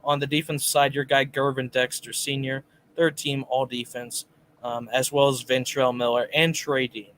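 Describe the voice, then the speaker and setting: A man's voice: medium pitch, little pitch movement, moderate pace, a bit bright, a little hiss or hum. Chatty man co-hosting a sports show. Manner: chatty, reads viewer comments aloud. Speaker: podcast co-host. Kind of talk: casual sports talk show.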